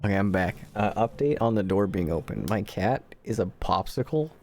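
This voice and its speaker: A slightly hoarse man streaming a game, chatting casually and joking at his own expense to viewers. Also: lowish voice, lively intonation, normal speed, a little mellow, slight background noise. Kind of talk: casual gameplay commentary.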